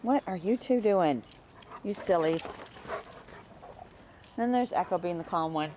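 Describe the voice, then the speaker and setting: A woman talking casually about her dogs in her yard, chatting away and calling to them in a high sing-song. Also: expressive, a little slow, warm tone, a little hiss or hum. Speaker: dog breeder. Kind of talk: casual home video narration.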